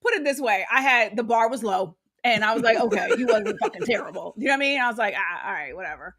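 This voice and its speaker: A woman's voice: a little high, animated, fast, a crowd in the background. A woman co-hosting a casual gossip podcast, reading out headlines and viewer comments and swearing freely. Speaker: podcast co-host.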